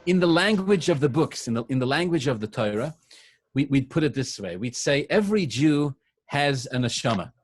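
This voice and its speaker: A man speaking as a rabbi to a synagogue congregation, in a medium, ordinary pitch. He talks loosely and conversationally, with fillers and restarts. He sounds like he is answering a question from the room rather than reading a text. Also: animated, normal speed, husky. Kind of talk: sermon-style Q&A to a congregation.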